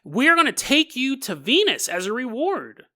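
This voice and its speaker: A man's voice: extremely high pitch, huge pitch swings, moderate pace, pushed and bright, pitched above the performer's own voice, full character voice. A man voicing a smug male alien from Venus who delivers threats in a breezy, offhand way.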